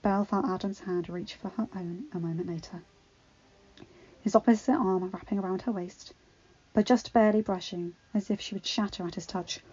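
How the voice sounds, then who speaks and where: A woman narrating a fan-fiction story in a steady, expressive reading. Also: mid-range voice, moderate pace, husky. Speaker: audiobook reader. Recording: dull lo-fi recording with faint music.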